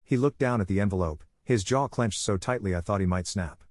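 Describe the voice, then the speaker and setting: A man giving a measured, scripted first-person story narration. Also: on the low side, a little mellow, no room sound, clean studio sound.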